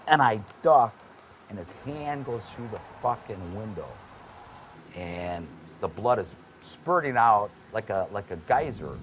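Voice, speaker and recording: A male trader tells a story, cursing heavily as he goes, in a low voice. Faint background noise is in the room with him. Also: a little slow. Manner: profane, animated storyteller. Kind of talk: documentary interview.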